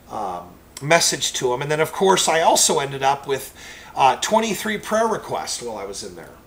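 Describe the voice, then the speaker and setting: Man preacher with a gravelly voice. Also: medium pitch, a little hiss or hum, low-quality recording. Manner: rambling, animated storytelling with quoted voices. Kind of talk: personal testimony storytelling.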